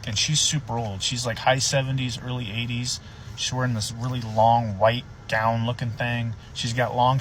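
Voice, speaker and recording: Man, deputy, casual storytelling, profane, animated, middle-range voice. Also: mid-range voice, a little hiss or hum, poor audio. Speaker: sheriff's deputy.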